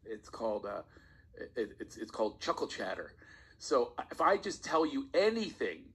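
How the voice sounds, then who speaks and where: A man with a husky voice tells stories as a comedian guest on a podcast. His manner is animated, and he often chuckles as he speaks. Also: mid-range voice, normal speed, rough recording. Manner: animated storyteller, laughs while talking. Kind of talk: casual podcast storytelling.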